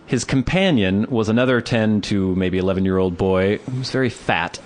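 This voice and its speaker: A man's voice: fairly low pitch, moderate pace. A man co-hosting a podcast, telling stories in casual chat and acting out the voices of people in them. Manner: animated anecdotes, acting out voices. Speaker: podcast co-host.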